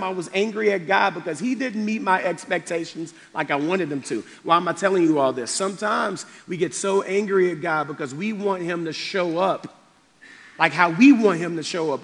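A male pastor preaching a sermon with passion, swinging between loud outbursts and quiet, subdued stretches. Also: high-pitched, moderate pace, gravelly. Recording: long reverb of a large hall.

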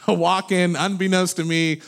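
A man in his thirties, a pastor preaching a sermon, loud and animated as he tells stories with laughs. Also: sits high, vocal fry. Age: 30s. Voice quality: loud talker. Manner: animated storytelling with laughs and acted quotes. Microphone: handheld microphone held away from mouth.

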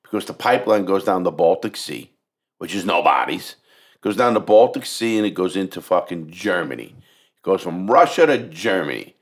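A podcast co-host talking politics in casual chat, blunt and swearing a lot. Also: male voice, low-pitched, moderate pace. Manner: blunt, heavy swearing, animated.

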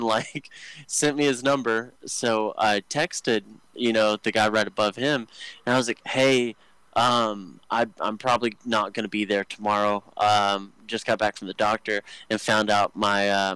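A man's voice: lowish voice, steady tone, unhurried, fairly bright tone, smooth, no echo, rough recording. A young man telling rambling, crude work stories on a podcast, joking and full of fillers. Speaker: podcast co-host. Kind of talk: casual storytelling chat.

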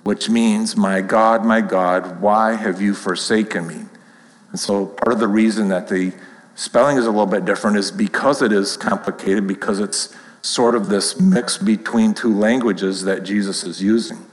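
Low-voiced man preaching in a reverberant hall. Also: steady tone. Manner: measured, explanatory, reads aloud then comments. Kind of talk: sermon with scripture reading.

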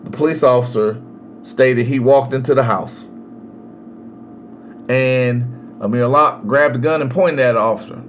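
A man hosting a podcast, giving a slow, emphatic solo commentary on legal rights with long pauses. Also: mid-range voice, slight background noise. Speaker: podcast host.

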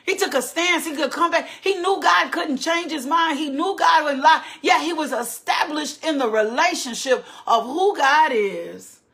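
A woman's voice: sits high, normal speed, few pauses, sharp tone. A woman preaching a sermon with fervent, repetitive, building cadences.

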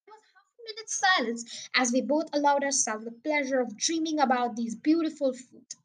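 High-voiced woman reading a storybook. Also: lively intonation, normal speed, low-quality recording. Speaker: podcast host reading a book aloud.

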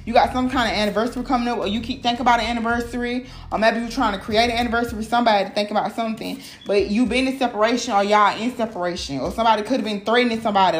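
Woman tarot reader, cussing and animated, fairly high voice, recorded in an echoey room with noise behind her. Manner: profane, animated, talks straight to viewers. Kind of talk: casual tarot reading vlog.

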